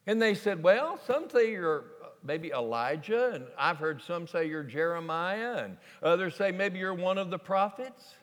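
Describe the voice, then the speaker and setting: A man preaching a folksy, animated sermon to a congregation in a large church sanctuary. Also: sits high, a little slow, few pauses. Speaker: pastor. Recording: long reverb of a large church hall.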